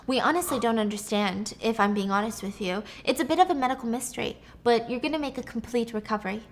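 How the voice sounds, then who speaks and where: A woman voicing a calm doctor who speaks hesitantly at first, then directly and evenly. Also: on the high side, fast talker, slight background noise, close to an everyday voice. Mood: reassuring. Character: calm soft-spoken doctor delivering news.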